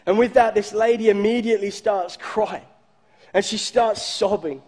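A male pastor preaching a sermon, telling a story and slowing down low for emphasis. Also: steady tone, darkish tone. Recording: long hall reverb.

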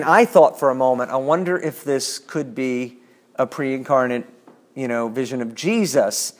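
A man leading a Bible study, explaining passages in a thoughtful, searching way and reading scripture aloud. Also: medium pitch. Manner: thoughtful, reads scripture aloud, frequent restarts.

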